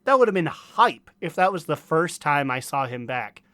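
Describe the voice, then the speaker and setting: A man co-hosting a casual gaming podcast, talking in an animated way and acting out quoted characters. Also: a little high, moderate pace, no room sound. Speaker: podcast co-host.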